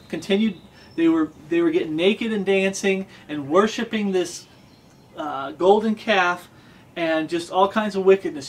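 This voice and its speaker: A man's voice: sits high, unhurried, slight background noise. A man preaching a fervent sermon, pressing his listeners with repeated questions.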